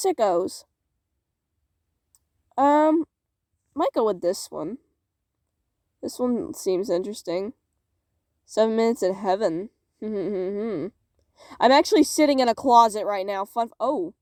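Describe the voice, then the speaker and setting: A woman's voice: on the high side, darkish tone, no echo, studio quality. Sarcastic young woman reading fanfic aloud. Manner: sarcastic, swears, laughs at herself. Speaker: fanfic reader vlogger. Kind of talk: casual reading aloud with commentary. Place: small closet.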